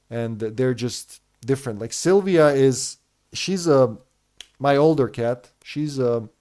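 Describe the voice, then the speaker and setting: A man in his thirties whose first language is not English chats candidly with his live audience while streaming a game. His voice sits at an ordinary, middling pitch, and he speaks to his viewers directly by name. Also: a little mellow. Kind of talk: casual chat with live viewers.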